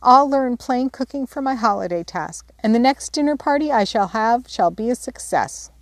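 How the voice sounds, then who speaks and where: A woman's voice: fairly high pitch, expressive, normal speed, dry recording, pitched above the performer's own voice. A woman reading a spirited, outspoken teenage girl with a decided way of talking. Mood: determined.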